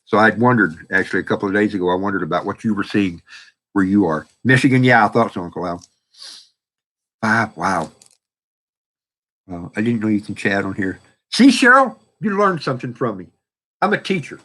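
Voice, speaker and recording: A man's voice: on the low side, lively intonation, a little fast, long pauses, a bit bright. A man hosting a casual livestream, rambling in a folksy way and answering viewer chat. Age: 60s. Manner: rambling, folksy, talks back to chat messages. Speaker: livestream host.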